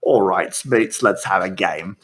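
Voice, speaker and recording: A man's voice: low-pitched, a little slow, husky, voice pushed down. A man playing a sly, flirtatious gambling-table dealer who talks in a smarmy, teasing way.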